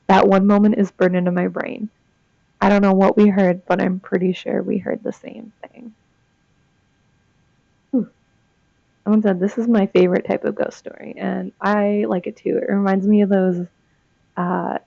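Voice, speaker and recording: Here a young woman with a gravelly, warm, medium-pitched voice reads ghost stories and chats between them, gasping and commenting as she goes. It's a casual reading with asides. The sound is dull, lo-fi and dry, with no room sound at all.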